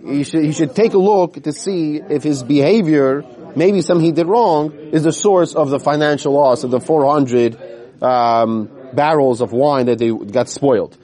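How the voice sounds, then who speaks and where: A man with a slightly high, warm and mellow voice teaches a Talmud class. He reads the Aramaic slowly, then explains each phrase in plain English. He sometimes loses his place and starts again.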